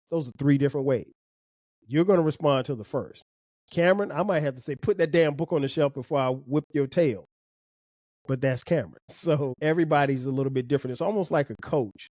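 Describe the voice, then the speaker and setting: A man's voice: medium pitch, a little mellow, dry recording, studio quality. A middle-aged man, a podcast host and father, talking earnestly about parenting, often restarting and repeating words. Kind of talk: reflective casual talk.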